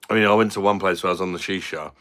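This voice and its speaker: A man's voice: deep voice, steady tone, rapid-fire, a bit bright, clean tone. A British man hosting a casual livestream, chatting bluntly and jokingly with viewers, swearing now and then. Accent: British English. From Britain. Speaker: livestream host. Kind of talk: casual livestream chat reading comments.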